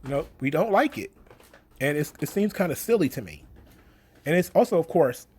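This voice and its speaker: A man's voice: on the high side, big pitch swings, normal speed, a little mellow, breathy edge. A man in a casual opinion rant about wrestling, blunt, sarcastic and profane. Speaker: wrestling commentary vlogger.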